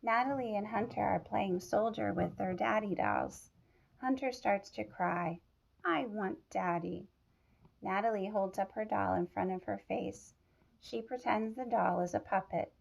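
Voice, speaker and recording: A woman reading a picture book aloud to children, teacherly and pausing to ask them questions. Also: medium pitch, expressive, gravelly, highs cut off. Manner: teacherly, asks the listeners questions. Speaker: storybook reader.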